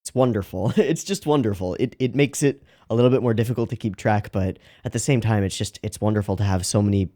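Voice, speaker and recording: Mellow-voiced young man rambling excitedly. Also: on the low side, quick pace, few pauses. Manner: rambling, excitable, self-correcting. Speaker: anime reaction host. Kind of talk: casual reaction commentary.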